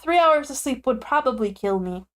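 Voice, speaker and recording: A young woman streamer chatting casually with her viewers, giggling often, tired and yawning. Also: normal speed. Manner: chatty, giggly, animated swings in pitch.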